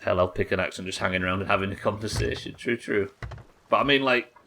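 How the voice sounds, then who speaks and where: An English man streams a game, chatting and rambling casually as he plays and swearing freely. His lowish voice is quick, creaky, and sharp, with slight background noise.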